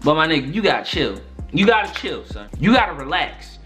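A young man telling a story-time vlog in an exasperated, profane, animated way. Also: a little high, a little fast, soft background music. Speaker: YouTuber.

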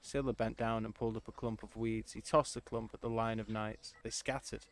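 A man reading a science fiction short story aloud in steady, even narration. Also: lowish voice, fairly quick. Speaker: audiobook narrator.

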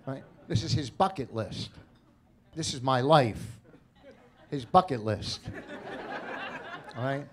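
A man's voice: mid-range voice, expressive, unhurried, long pauses. A middle-aged man with a New Jersey accent doing a stand-up set on stage, telling stories in a brash, cranky, profane way. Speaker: stand-up comedian. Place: comedy stage before a live audience.

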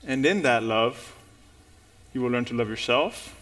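A man preaching a sermon in church, telling a story in an animated way and calling out to the congregation. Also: mid-range voice, unhurried.

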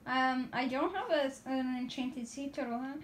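High-voiced, hesitant woman gamer. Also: normal speed. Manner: hesitant, full of fillers, giggly. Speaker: gaming video co-host. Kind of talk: casual gameplay chat.

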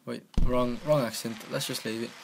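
A man giving casual, excitable let's-play commentary from his computer, talking to the game and yelping at crashes. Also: medium pitch, moderate pace, heavy background noise. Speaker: gaming channel host. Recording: home mic with clear keyboard clicking.

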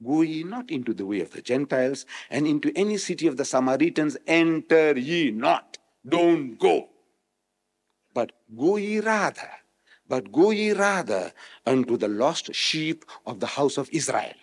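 A man from South Africa giving a public religious lecture, switching between loud rhetorical questions and quiet explanation. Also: on the high side, animated, normal speed, breathy edge. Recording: echoey hall, old remastered recording.

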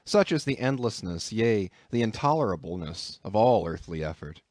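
A man reading a classic novel aloud as an audiobook narrator, measured and expressive. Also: on the low side, dry recording, studio quality.

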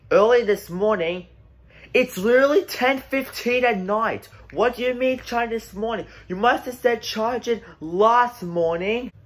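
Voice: medium pitch, a little slow, lightly acted. A performer playing a rude young male stranger in a comedy skit, taunting and insulting with jeering laughs. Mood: gloating.

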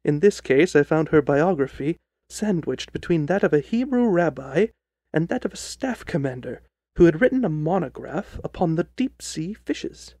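A man giving scripted narration of a period story in a measured storytelling manner. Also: fairly high pitch, very animated, warm tone, slightly rough, no room sound, clean studio sound.

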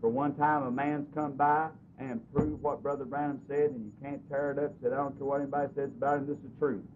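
A man preaching in a church, telling a personal story earnestly, his voice swinging between loud and soft. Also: little pitch movement, fast. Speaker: pastor. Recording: dull lo-fi recording with faint hiss and rumble.

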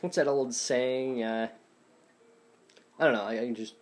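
A man's voice: fairly low pitch, a little slow, long pauses, faint music behind. Rambling young man teaching voices. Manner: rambling, self-deprecating, many fillers. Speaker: voice impressions teacher. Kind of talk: casual video tutorial. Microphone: phone or webcam.

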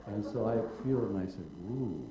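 A man's voice: fairly low pitch, fast talker, heavy background noise. An older man, a guest in a public conversation, telling long wry anecdotes and acting out the people in them. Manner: wry, digressive storyteller who acts out quotes. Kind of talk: anecdotal storytelling on stage. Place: auditorium at a public event. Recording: roomy hall echo.

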